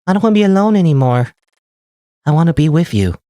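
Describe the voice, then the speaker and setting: Man doing high nasal princess girl, possessive, clingy, big swings in pitch; dry sound. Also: expressive, fast talker, mellow, no room sound, natural voice. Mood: pleading.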